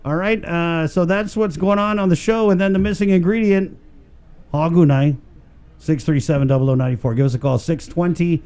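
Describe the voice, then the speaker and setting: Brief: male morning-radio host, mellow and a bit high, easygoing and jokey, studio mic. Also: normal speed, clean tone. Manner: loose and jokey, many fillers. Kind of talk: casual radio banter.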